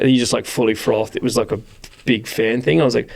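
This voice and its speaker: A young Australian man with a gravelly, creaky edge to his mid-pitched voice. He tells stories with swearing and animated voices for everyone in them. The talk is loose, casual podcast banter. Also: fast. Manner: swearing, animated storyteller who acts out voices. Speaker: podcast host. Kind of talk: casual chat.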